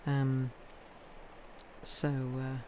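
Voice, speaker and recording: A woman's voice: very deep voice, monotone, extremely slow, dark tone, a little hiss or hum. A woman livestreaming, chatting with viewers in a hesitant way before reading a ghost story aloud. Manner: chatty, hesitant, many ums. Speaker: streamer reading ghost stories. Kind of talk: casual chat with live chat, then story reading.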